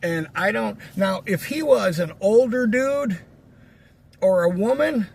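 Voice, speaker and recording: Vlogger, male, raspy fry, curses constantly, loose and rambling. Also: sits high, lively intonation, slow pace, a little hiss or hum. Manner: profane, rambling storyteller. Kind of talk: casual ranting monologue.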